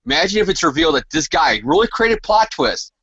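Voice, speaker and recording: A man co-hosting a casual comic book chat, animated and emphatic as he speculates. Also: fairly high pitch, fairly quick, slightly rough, dry recording, dull audio. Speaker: co-host.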